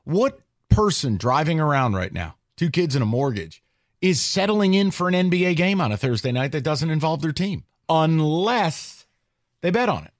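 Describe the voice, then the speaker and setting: A man co-hosting a sports talk podcast, opinionated and lively, posing questions to listeners. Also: fairly high pitch, moderate pace, no echo, studio quality. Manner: animated, opinionated, rhetorical questions.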